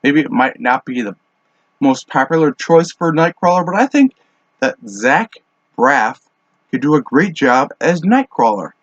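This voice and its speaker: A man's voice: on the high side, sing-song, a little slow, no echo. Rambling man on a dull dry mic. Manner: rambling, offhand, with frequent fillers and restarts. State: smoking while talking. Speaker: podcast host. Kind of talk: casual monologue on fan casting.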